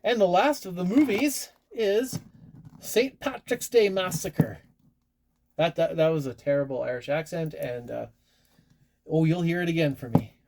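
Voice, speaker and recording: A man's voice: a little high, lively intonation, moderate pace, creaky, background noise. A married man, chatting casually as a collector showing off his latest purchases. He rambles, restarts words and pokes fun at himself. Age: adult, married. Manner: rambling and self-deprecating, with frequent restarts. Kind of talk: casual chat.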